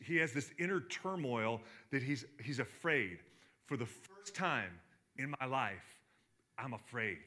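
A man preaching a sermon as pastor, animated, dropping to a hush and then building up loud, often repeating his words. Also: fairly high pitch. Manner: animated, swings from hushed to loud, repeats himself.

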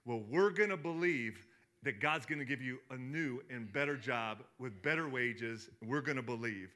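A man preaching a sermon as pastor, animated, dropping to a hush and then building up loud, often repeating his words. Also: medium pitch, moderate pace. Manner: animated, swings from hushed to loud, repeats himself.

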